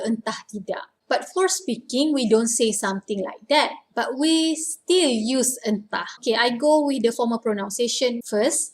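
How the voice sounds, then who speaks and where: A woman with a Malaysian accent, a native Malay speaker, patiently explaining a language lesson word by word. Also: fairly high pitch. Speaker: language teacher.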